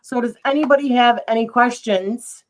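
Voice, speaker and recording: A woman's voice: a little high, normal speed. A middle-aged woman hosting a casual video interview, chatty and teasing. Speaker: host. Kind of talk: casual chat.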